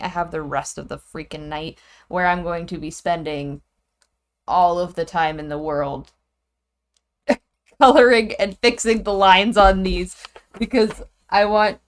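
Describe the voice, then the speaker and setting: A young woman chatting casually and giggling as she draws, rambling and often trailing off quietly. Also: fairly low pitch. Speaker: streamer drawing goose characters. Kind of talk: casual chat while drawing.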